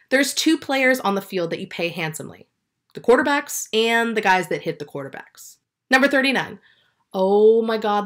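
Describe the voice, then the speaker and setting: Lively, bright-voiced woman sports vlogger. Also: medium pitch. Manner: sarcastic, excitable, swears. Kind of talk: reaction commentary with numbered countdown.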